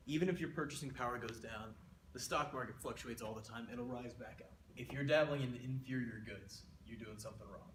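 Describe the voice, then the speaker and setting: A man's voice: medium pitch, a little fast, fairly bright tone, a little hiss or hum. A man giving a comedic mock economics lecture, playful and rambling with exaggerated asides. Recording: roomy echo.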